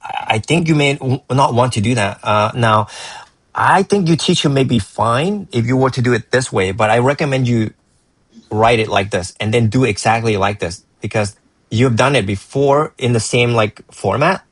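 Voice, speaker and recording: A man's voice: mid-range voice, normal speed, breathy edge, dry recording, poor audio. A man tutoring math and going over a student's work, encouraging and rambling, often restarting his sentences.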